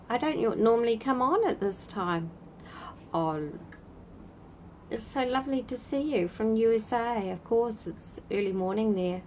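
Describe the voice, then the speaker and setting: A woman's voice: on the high side, animated, a little slow, a little mellow, a little hiss or hum, low-quality recording. A woman hosting a casual livestream, chatting to viewers by name while sitting outside at night. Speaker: spiritual channel host. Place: outdoors at night in a breeze.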